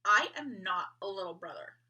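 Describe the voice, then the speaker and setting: A woman's voice: a little high, animated, fairly quick, sharp tone, breathy edge, muffled recording, voice pushed up, exaggerated voice. A woman voicing an eager, easily offended young boy doll in a storybook read-aloud. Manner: eager, indignant.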